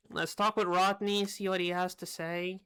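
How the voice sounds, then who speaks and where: A woman's voice: lowish voice, a bit bright, clear, resonant tone. A young woman streaming a game live, reacting with wry, sarcastic asides. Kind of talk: live gameplay commentary.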